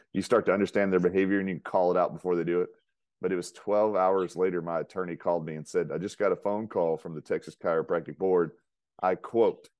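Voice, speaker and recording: Man, very low pitch, emphatic storytelling, fillers, dry recording. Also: darkish tone, no room sound. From United States. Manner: emphatic, with frequent fillers and quoted dialogue. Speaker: interview guest, chiropractor. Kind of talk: casual storytelling in a podcast interview.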